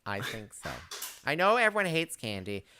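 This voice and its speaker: A man co-hosting a podcast in playful, joking chat. His pitch swoops all over the place. Steady noise hisses under the recording. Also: moderate pace. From Canada. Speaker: podcast co-host. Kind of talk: casual chat. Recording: noisy recording.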